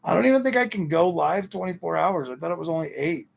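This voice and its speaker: A man with a raspy, fry-heavy voice pitched a little high hosts a casual livestream. He rants to chat in loose slang and keeps repeating and restarting his sentences. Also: lively intonation, fast. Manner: slangy ranting, lots of "dude" and "man". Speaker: livestream host answering chat.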